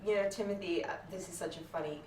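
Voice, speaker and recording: A woman's voice: fairly low pitch, fairly even intonation, fast talker, darkish tone, far from the mic, a little hiss or hum. A woman entertainment reporter asking upbeat questions in a press interview, heard a little off-mic. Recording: roomy, off-mic.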